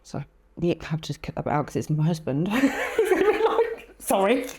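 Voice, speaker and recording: A woman co-hosting a casual chat podcast, with a lowish, mellow voice. She tells stories animatedly, acting out what people said, and laughs often. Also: takes it slowly. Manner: animated storyteller, acts out quotes, laughs often. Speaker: podcast co-host.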